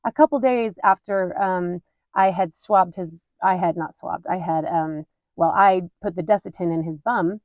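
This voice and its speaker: A woman in her thirties hosting a podcast, telling a family story in a candid, animated way and laughing at her own mishaps. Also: on the low side, normal speed, no echo. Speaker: podcast host. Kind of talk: casual storytelling.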